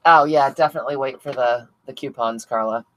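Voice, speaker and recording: A woman's voice: a bass voice, a little fast, a bit bright, poor audio. A woman hosting a casual crafting livestream, chatting and laughing as she answers viewers by name. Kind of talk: casual livestream chat reading viewer comments.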